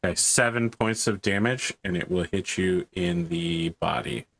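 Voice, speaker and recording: A man's voice: deep voice, moderate pace, fairly bright tone. A man running a tabletop game as game master, narrating the action and chatting casually through the rules. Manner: casual, chatty, thinks aloud about rules.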